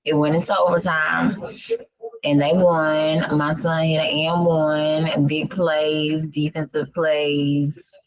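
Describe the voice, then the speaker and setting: A woman's voice: low-pitched, flat delivery, takes it slowly, crowd noise, rough recording. A woman in her thirties who has lost her voice, chatting as a podcast co-host with churchy exclamations. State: hoarse, lost voice. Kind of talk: casual chat.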